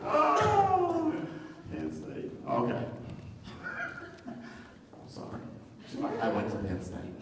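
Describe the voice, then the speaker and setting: A man's voice: very high-pitched, wildly swooping pitch, extremely slow, pauses often, noisy background. A man from Detroit doing a stand-up comedy set, brash and profane, baiting the crowd, on a comedy club stage. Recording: echoey club hall from far off, crowd.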